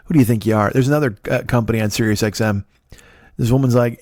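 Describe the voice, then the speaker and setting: A man's voice: medium pitch, fast talker, darkish tone, no echo, studio quality. A man in his fifties hosting a solo comedy podcast, rambling in a profane, self-mocking way with wandering asides. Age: 50s. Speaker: podcast host.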